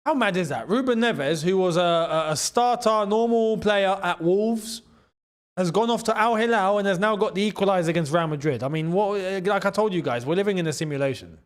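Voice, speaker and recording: A man hosting a live football watchalong, excitable and chatty, repeating his phrases and laughing often. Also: high voice, a little fast. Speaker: host.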